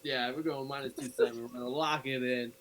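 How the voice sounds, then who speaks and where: A man hosting a casual sports betting chat, relaxed and quick to laugh. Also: mid-range voice, low-quality recording. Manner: laid-back, laughs often. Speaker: podcast host.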